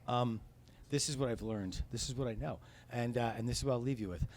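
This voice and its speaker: A man performing a profane stand-up comedy set in a comedy club, swinging between loud rants and quiet asides. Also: medium pitch, brisk, a little hiss or hum.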